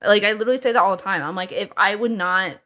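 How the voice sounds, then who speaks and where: A woman's voice: mid-range voice, fast talker, bright, forceful tone. A woman from New England co-hosting a casual podcast, frank and self-deprecating, with many "like"s in her speech. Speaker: podcast co-host. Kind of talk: casual chat.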